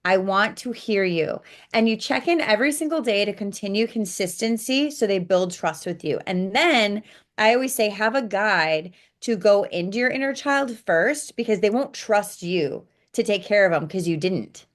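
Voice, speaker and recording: A woman spiritual coach guesting on a podcast, talking at an ordinary middle pitch. She tells client stories in a lively, blunt way, swearing offhandedly and switching into quoted voices as she goes. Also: normal speed. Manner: animated, blunt, swears casually, acts out quotes. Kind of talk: interview storytelling.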